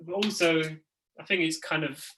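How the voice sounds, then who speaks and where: A man's voice: fairly high pitch, moderate pace, bright, forceful tone, a little hiss or hum, poor audio. A young man with a London accent, a podcast co-host telling a story in casual chat, full of fillers.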